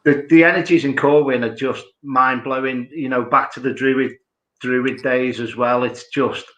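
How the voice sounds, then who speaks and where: A man's voice: medium pitch, fairly even intonation, moderate pace, a bit bright. A man in casual chat about paranormal sites, rambling and adding detail after detail. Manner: rambling, piles on "as well". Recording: echoey room sound.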